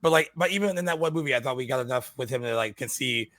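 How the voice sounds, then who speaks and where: Bright-voiced man with halting podcast talk. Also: mid-range voice, dry recording. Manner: halting, repeats words, filler-heavy. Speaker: podcast co-host. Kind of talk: casual movie review chat.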